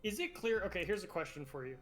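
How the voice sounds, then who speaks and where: A man's voice: high voice, very animated, fast, a crowd in the background. A man playing a tabletop role-playing game in an easygoing, mild way. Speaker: player.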